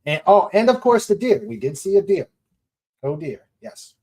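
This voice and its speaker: A man hosting a casual livestream chat, laughing easily and speaking in an unhurried way. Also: high voice, lively intonation, darkish tone. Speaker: host.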